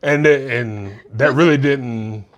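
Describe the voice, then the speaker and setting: A man's voice: medium pitch, takes it slowly, muffled recording. A man co-hosting a relationship podcast in casual chat, easygoing and teasing. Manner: easygoing, teasing, drops into mock complaint. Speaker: podcast co-host.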